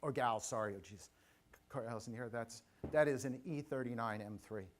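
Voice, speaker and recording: A middle-aged keynote speaker addresses a live conference audience, his mid-range voice carrying over slight background noise. Animated and engaging, he shares a personal anecdote peppered with asides and questions for the listeners.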